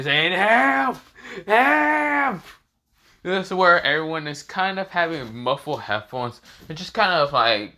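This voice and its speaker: Young male storyteller, casual and rambling, bright tone. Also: medium pitch. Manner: rambling, with many fillers. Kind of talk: casual fan story narration.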